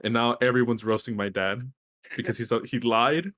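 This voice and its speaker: Casting: young man, animated storyteller, casual podcast co-host, cusses freely. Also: mid-range voice, normal speed, slight background noise. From Texas. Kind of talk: casual chat.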